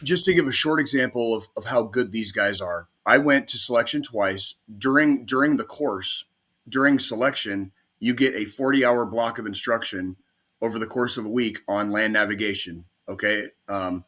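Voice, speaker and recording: Bright-voiced veteran man rambling. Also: on the low side, normal speed. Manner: rambling, repeats words, dry humor. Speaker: podcast co-host, Army veteran. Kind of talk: casual chat.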